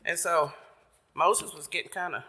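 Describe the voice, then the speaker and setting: A man's voice: fairly high pitch, normal speed, pushed and bright, breathy edge. A man giving a casual storytelling sermon at church, folksy and chatty, paraphrasing loosely. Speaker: church member giving the message. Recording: long reverb of a church sanctuary.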